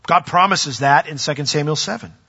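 Husky bright-voiced pastor preaching, acts out stories, dull echoey hall recording. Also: male voice, on the high side, a little fast. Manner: animated storytelling, acts out voices. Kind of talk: sermon.

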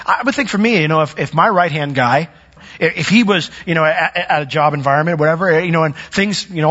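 Animated preacher man in an echoing hall. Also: on the high side, husky. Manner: animated, acts out quoted voices. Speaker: pastor. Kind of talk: sermon. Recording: echoey hall, dull lo-fi sound.

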